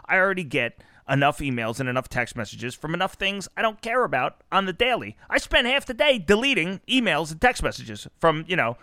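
A man's voice: fairly high pitch, brisk, few pauses, no echo, clean studio sound. A man hosting a podcast, telling stories in casual chat, acting out exchanges and swearing freely. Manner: animated storyteller, acts out exchanges, swears freely. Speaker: podcast host.

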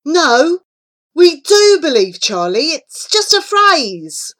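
A bright, bossy schoolgirl from a children's storybook, patient and eager as she lays out her plans, voiced by a woman. Her voice sits high and bounces lively, delivered at an unhurried pace. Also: heavily acted. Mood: earnest. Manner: bossy and patient, explains things. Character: eager, earnest schoolgirl who makes plans.

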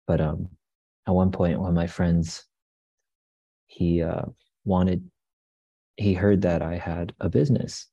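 A young man and coffee shop owner, telling stories in a relaxed, rambling way with many fillers and restarts. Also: low voice, vocal fry, slightly rough, no echo, dull audio. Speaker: guest, coffee business owner. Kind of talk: casual interview storytelling.

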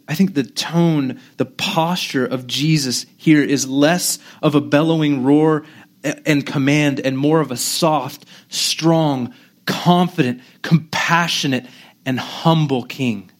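A man preaching a sermon in a conversational, animated way, poking fun at himself and often restarting sentences. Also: fairly high pitch, measured pace. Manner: conversational, animated, self-deprecating, with frequent restarts. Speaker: pastor.

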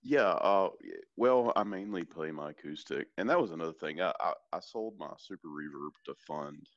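A man's voice: sits low, expressive, normal speed, dry recording, muffled recording. A man with a Southern US accent, a church worship leader guesting on a podcast, talking easygoing and rambling with many restarts. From American South. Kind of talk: casual chat.

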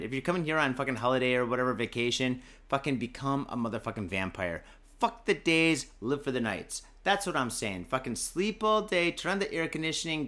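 A man's voice: mid-range voice, sharp tone. A tipsy man hosting a podcast, rambling in a rowdy, profane way and saying "dude" a lot. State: tipsy from drinking. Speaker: podcast host. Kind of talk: rambling drunk podcast monologue. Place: Japan.

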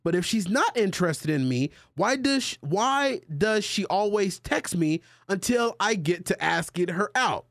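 Animated high-voiced male podcast host. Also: measured pace, hardly any pauses, no echo, clean studio sound. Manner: animated, jokey banter with co-hosts. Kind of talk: casual chat, reading a listener letter.

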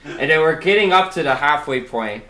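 A young man, a podcast guest, telling stories in a casual chat, animated and laughing often. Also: fairly high pitch, moderate pace. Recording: roomy echo, faint background noise.

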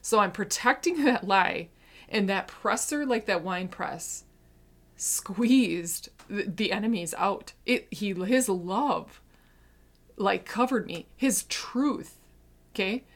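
A woman in her thirties giving a heartfelt personal faith testimony, earnest, swinging between hushed and intense. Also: medium pitch, animated, takes it slowly. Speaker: Christian speaker sharing testimony.

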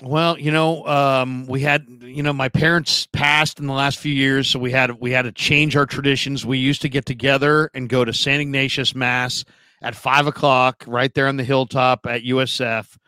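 A man's voice: mid-range voice, little pitch movement, moderate pace, bright, forceful tone, clean tone, no room sound. A middle-aged man co-hosting a sports talk show, easygoing and rambling in casual chat.

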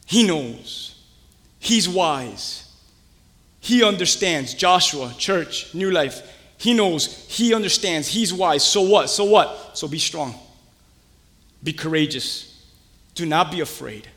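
Male pastor, bright high voice, lively call-and-response sermon, church hall echo. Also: slow. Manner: animated, conversational preaching with call-and-response questions.

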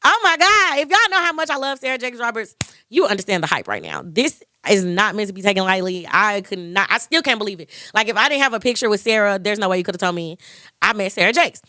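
A woman's voice: medium pitch, very animated, fast, pushed and bright, no echo, clean studio sound. A young woman, a podcast host, gushing as she retells a story and quotes others. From Memphis, Tennessee. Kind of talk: excited storytelling vlog.

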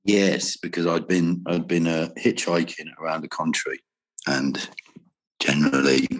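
A man's voice: very deep voice, little pitch movement, unhurried. A man in a casual interview, telling rambling stories about music and travel, swearing freely and laughing often. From Wales. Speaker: guest musician.

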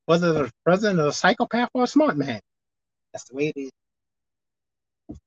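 A woman pastor preaching a sermon, dropping to low asides and rising to loud shouted exhortation, reading scripture slowly and deliberately. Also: very animated, slightly rough, dry recording. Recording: slightly dull, dry recording.

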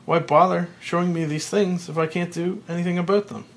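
A man voicing a frantic middle-aged male TV executive, reading a screenplay aloud, his voice pitched high, loud and panicky. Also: fairly even intonation, a little fast. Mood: panicked. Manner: high, loud and panicky, then giddy and manic.

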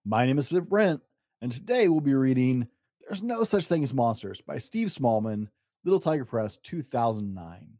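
A man reading a bedtime picture book aloud, his pitch swooping up and down with drawn-out dramatic pauses. He is miked close and the sound is dry. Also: very animated, warm tone, no room sound. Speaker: storytime podcast host and reader. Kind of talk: bedtime story read-aloud.

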